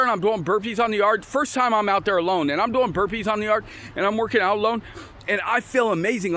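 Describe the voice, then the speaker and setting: His voice sits high with a fairly bright tone as he rambles through a casual personal testimony, recorded outside in the wind. Sentences get restarted along the way, and he plays out the quoted exchanges from his life.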